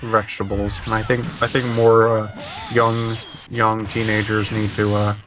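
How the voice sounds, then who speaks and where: A man's voice: on the low side, completely flat delivery, moderate pace, fairly bright tone, faint music behind. A man co-commenting on video game matches, hesitant with lots of fillers and dry joking asides.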